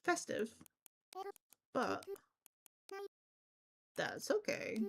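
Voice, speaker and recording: A woman's voice: on the high side, huge pitch swings, very slow, creaky, husky. A woman livestreaming a cozy game, chatting casually and thinking aloud with lots of ums. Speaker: livestreamer playing a life-sim game. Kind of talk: casual game-stream chat.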